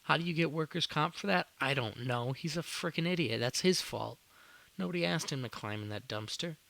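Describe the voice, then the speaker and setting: A young podcast host rambles through a work story, exasperated and cursing casually. His voice is fairly high and brisk, with a gravelly fry and a bright edge.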